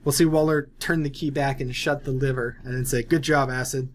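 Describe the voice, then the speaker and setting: A young man who makes movie videos casually walks through a film plot he wrote, rambling loosely and packing in lots of fillers. His medium-pitched voice stays fairly even, and he talks briskly.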